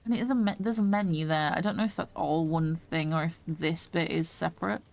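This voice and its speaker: A woman's voice: low voice, steady tone, fairly quick, creaky, darkish tone. A woman streamer chatting and swearing casually as she plays a video game live. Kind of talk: live gameplay commentary.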